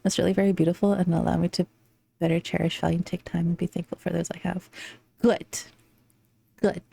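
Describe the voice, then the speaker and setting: A woman's voice: medium pitch, creaky, darkish tone, no room sound. A young woman streaming live, chatting casually and affectionately with viewers, giggling and slipping into playful baby talk between tarot readings.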